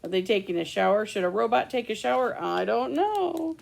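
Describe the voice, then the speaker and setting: A woman, a children's librarian, reading a picture book aloud with expressive asides to children. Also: on the high side, brisk, creaky.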